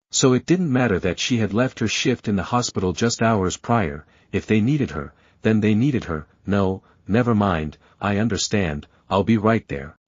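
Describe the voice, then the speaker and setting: A man narrates a fan fiction story in a steady, even read. His voice sits low with a husky grain. The recording is dull and lo-fi, with a dry, close sound. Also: no room sound.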